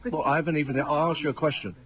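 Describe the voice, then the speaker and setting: A man's voice: on the high side, fairly even intonation, very fast, a bit bright, rough recording. A man confronting people on location, insistent and repeatedly pleading as he presses his questions.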